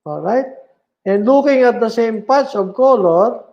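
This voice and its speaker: Guy teaching philosophy, high voice, really slow, keeps going "all right?". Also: expressive, vocal fry, a little mellow, dull audio. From Philippines. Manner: slow and deliberate, repeating key terms and checking with "all right?". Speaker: philosophy lecturer. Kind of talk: online lecture.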